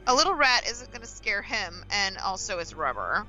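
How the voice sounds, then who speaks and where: A woman chatting as a guest on a home podcast, her voice bright and her pitch moving a lot. She recaps scenes with wry asides and playful made-up lines, and faint music plays behind her. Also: very animated, normal speed, low-quality recording. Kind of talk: casual recap chat.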